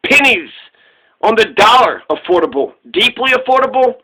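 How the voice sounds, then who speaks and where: High, bright-voiced sarcastic man ranting. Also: sing-song, normal speed, low-quality recording. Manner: sarcastic, profane, mocking. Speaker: political commentator. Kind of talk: casual commentary rant.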